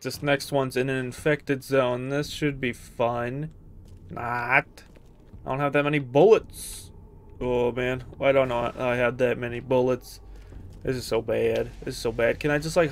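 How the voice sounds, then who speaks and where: A young man casually commentating his own play of a horror game, chatty and jumpy, muttering to himself and yelping at scares. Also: medium pitch. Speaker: gaming streamer.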